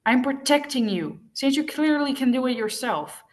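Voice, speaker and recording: A woman's voice: animated, moderate pace. A woman reading as a fiery defiant young woman. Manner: sharp, high, indignant.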